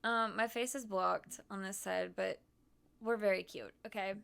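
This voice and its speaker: A woman's voice: medium pitch, steady tone, measured pace, creaky, a bit bright, clear, resonant tone. A woman streamer chatting casually about her trip while showing photos, bubbly and giggly with lots of "um" and "like".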